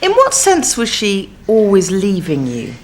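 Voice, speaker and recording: An actress playing a calm, probing psychiatrist. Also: female voice, medium pitch, unhurried.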